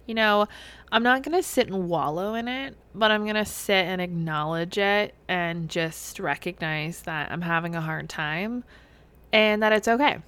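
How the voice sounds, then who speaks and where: A woman's voice: on the low side, normal speed, a bit bright, smooth. A woman in her thirties hosting a solo podcast, talking candidly and chattily with many fillers. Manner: candid, chatty, heavy use of "like". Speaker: podcast host. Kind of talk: solo podcast confessional chat.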